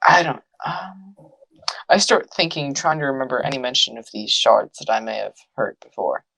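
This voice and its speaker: Low-voiced woman with a lively lilt. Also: normal speed, vocal fry, breathy edge, dry recording, rough recording. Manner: thinking aloud, hesitant. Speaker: player. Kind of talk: tabletop role-play chat.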